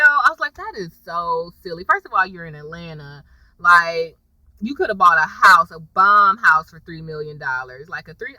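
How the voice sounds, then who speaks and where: A woman's voice: fairly low pitch, pushed and bright, dry recording, low-quality recording. A woman, casually recapping a TV episode for viewers, chatty and sassy, calling them y'all.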